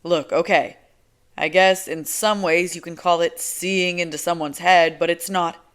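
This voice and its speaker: A woman's voice: lowish voice, a little slow, smooth, close to an everyday voice. A woman reading a teasing, laid-back young man. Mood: amused, teasing. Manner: relaxed, teasing, emphatic. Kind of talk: audiobook character voice.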